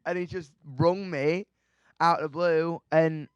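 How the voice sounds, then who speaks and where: A young man, chatting as a musician guest in a radio studio, excitable and rambling, swearing freely. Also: fairly high pitch, measured pace, clean tone, no echo, dull audio. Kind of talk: casual interview chat.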